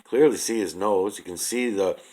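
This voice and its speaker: Low-voiced middle-aged man, loose rambling commentary, swears freely, halting delivery. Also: darkish tone. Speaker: video creator. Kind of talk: casual on-screen image commentary.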